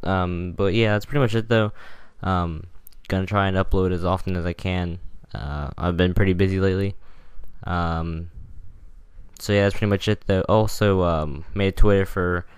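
A young man hosts his own gaming commentary in a low, smooth voice. He rambles and jokes, filling gaps with ums and false starts. The close mic gives a dry sound. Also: steady tone, normal speed, no echo. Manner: rambling and jokey, many ums and restarts. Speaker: gaming channel host. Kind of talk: casual gameplay commentary.

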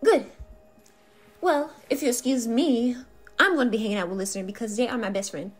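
A woman playing a loud, protective young woman friend who gets stressed easily, ranting dramatically and swearing in a fan role-play. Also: a little high, a little fast, faint music behind, natural voice.

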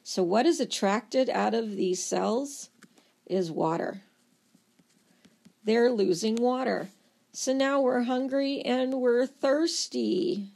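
Gravelly-voiced woman lecturing animatedly. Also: a little high, slow pace. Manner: animated storytelling, playful. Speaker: nursing lecturer.

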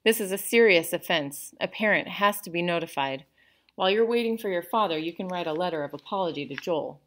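A woman's voice: lowish voice, animated, lightly acted. Woman reading a strict school principal. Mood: stern. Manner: measured, formal reproach.

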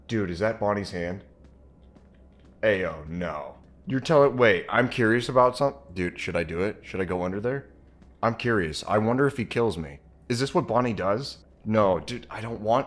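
A man's voice: on the low side, lively intonation, moderate pace. A young man with a congested, stuffy voice, chatting casually and reacting jumpily while playing a horror game. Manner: jumpy, chatty, reacting aloud to scares. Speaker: let's play gamer. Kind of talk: casual gameplay commentary.

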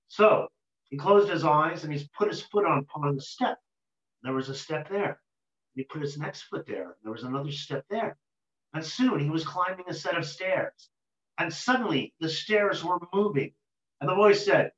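A male storyteller tells an old folk tale in an unhurried, rhythmic manner, his voice expressive, a bit bright, and slightly higher than most men's. The recording is roomy, a little muffled, and lo-fi.

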